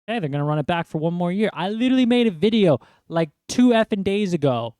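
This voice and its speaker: A man's voice: high voice, animated, fairly quick, darkish tone, clear, resonant tone, no echo. Young man ranting about basketball, dry sound. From New York. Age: young adult. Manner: rambling, exasperated ranting. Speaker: sports fan vlogger. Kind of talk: ranting sports commentary.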